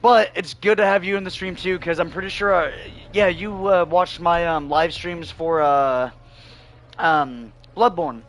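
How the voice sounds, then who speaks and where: A man streaming a video game, chatting casually and telling rambling stories, his voice going hoarse. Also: a little high, steady tone, a little slow, a bit bright. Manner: loose rambling storytelling, laughs often, swears freely. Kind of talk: casual livestream chat while gaming.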